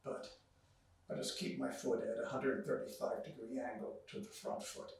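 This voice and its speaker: A man's voice: medium pitch, little pitch movement, moderate pace, darkish tone, slight background noise. A man teaching a qigong class, talking students through movements, counting breaths aloud with long exhaled sounds, and a little out of breath. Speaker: qigong instructor. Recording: very echoey room, voice far from mic.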